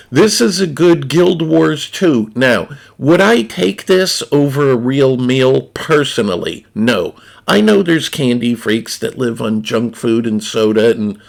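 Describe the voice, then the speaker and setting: A gaming streamer reviews a snack, chatting to viewers in an unscripted, rambling way. His mid-range voice is gravelly, and he talks bluntly with plenty of profanity.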